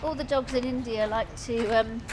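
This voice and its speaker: A woman vlogging outdoors on a handheld phone, chatting in a rambling, casual way that sometimes turns soft and subdued. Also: fairly high pitch, fairly even intonation, moderate pace. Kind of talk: casual walking vlog. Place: outdoors on a street. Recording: noisy outdoor street.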